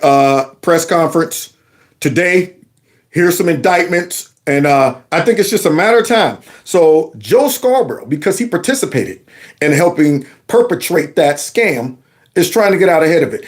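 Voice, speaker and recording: A man with a fairly high voice hosts a commentary show and talks back to news clips. He is sarcastic and mocking, firing off rhetorical questions in loose, colloquial speech. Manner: casual colloquial speech with y'all. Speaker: political commentary host.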